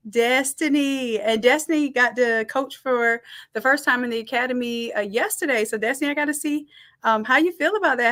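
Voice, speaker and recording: A middle-aged woman teaching a design class on a live stream, reading out the chat and warmly thanking people by name. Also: fairly high pitch. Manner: warm, effusive thanks and shout-outs.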